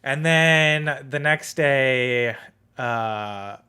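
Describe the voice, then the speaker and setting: A man's voice: medium pitch, very slow, bright, forceful tone, clean tone. A young man hosting a podcast, telling a rambling story in casual chat with lots of fillers. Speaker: podcast host.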